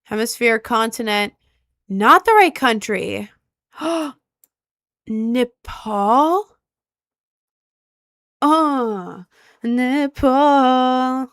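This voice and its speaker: Unhurried young woman thinking aloud. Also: on the high side, animated, fairly bright tone, no echo, clean studio sound. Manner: thinking aloud, asks chat for help. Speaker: streamer. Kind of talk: casual gameplay commentary.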